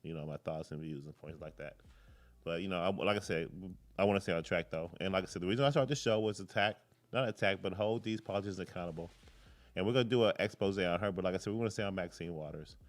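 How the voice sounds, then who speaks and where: A fast-talking man with a low voice hosts a live show of political commentary. His delivery is casual and rambling, full of tangents and free cursing.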